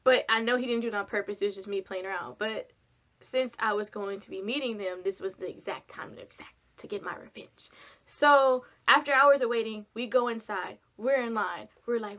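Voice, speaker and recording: A young woman from Texas, telling a casual storytime to camera in a chatty, animated way, acting out what people said. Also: mid-range voice, moderate pace. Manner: chatty, animated, lots of "like", acts out quotes. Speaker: vlogger. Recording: dull lo-fi sound.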